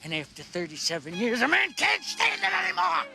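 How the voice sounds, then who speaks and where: A meek husband in his sixties, stammering, sheepish, pitch jumping wildly into yelps, music behind. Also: wildly swooping pitch, normal speed, pushed and bright, exaggerated voice. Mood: confessing. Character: meek, stammering retired husband who faked his death. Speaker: runaway husband. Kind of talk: TV sketch comedy acting.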